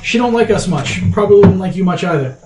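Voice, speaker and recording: A man's voice: high voice, animated, quick pace, roomy sound, distant mic, over music. A man voicing a blunt, foul-mouthed raven with a New Jersey accent. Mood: gruff.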